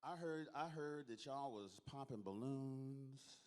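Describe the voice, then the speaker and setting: A man speaks from a convention stage at an even middle pitch. He tells jokey stories and keeps calling on the crowd to applaud, in a lively closing speech. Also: slow. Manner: storytelling, joking, calls on the audience to applaud.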